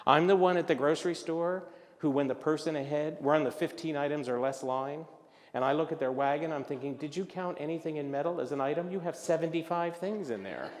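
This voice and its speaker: An older man giving a lively, humorous talk at a luncheon, acting out the people in his stories. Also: fairly high pitch, brisk. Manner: animated, acts out voices of others in his stories. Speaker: luncheon speaker. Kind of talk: comic storytelling talk. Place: event hall. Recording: reverberant hall.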